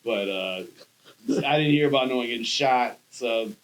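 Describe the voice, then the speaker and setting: A man co-hosting a podcast, talking in an animated, rambling way with lots of restarts and casual slang. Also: medium pitch, unhurried, poor audio. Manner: animated, rambling with restarts, says bro and dude. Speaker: podcast co-host. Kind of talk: casual chat.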